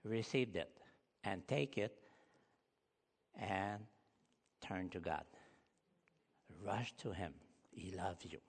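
A man's voice: sits low, slow pace, long pauses, slightly rough. A pastor preaching a sermon with emphatic, rising delivery, speaking English as a with as his first. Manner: emphatic preaching, rising loud on key points, non-native grammar. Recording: long hall reverb.

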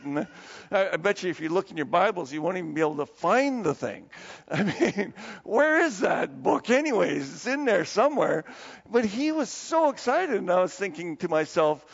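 A man preaching a sermon in a fairly high, gravelly voice. He tells stories with animated energy. The sound is dull and carries a long church reverb. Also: moderate pace. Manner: storytelling, grows animated with raised pitch when quoting; soft, low prayer voice. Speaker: pastor. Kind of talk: sermon with opening prayer. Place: church sanctuary.

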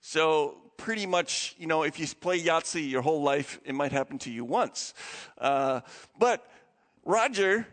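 A man's voice: on the high side, measured pace. Man preaching in a reverberant hall. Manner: animated storytelling, acting out quoted voices. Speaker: pastor. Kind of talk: sermon.

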